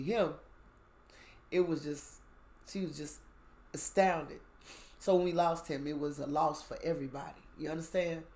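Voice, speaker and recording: A woman sharing a candid spiritual reflection, telling her story emphatically with sudden bursts of loudness. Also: deep voice. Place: outdoors.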